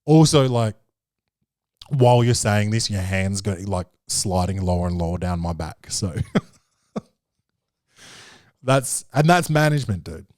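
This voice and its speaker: A podcast host rambles through a comedic film-review rant from his home studio, joking, swearing, and slipping into quoted voices. His voice is fairly low and a little mellow, animated yet measured, with frequent pauses. The recording is clean studio sound with no room sound.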